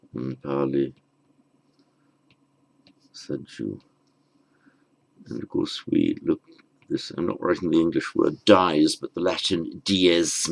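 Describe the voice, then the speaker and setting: A man teaching the meaning of an old verse, patiently explaining each word after reciting it slowly. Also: rumbling low, vocal fry, rough recording. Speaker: Pali language teacher. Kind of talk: unhurried lesson on a verse.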